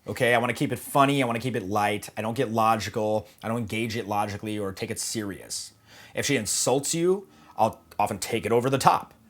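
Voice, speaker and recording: A man coaching on dating in a casual, joking manner, swearing freely and checking in with "okay" and "right?". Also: on the low side. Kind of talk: casual instructional talk.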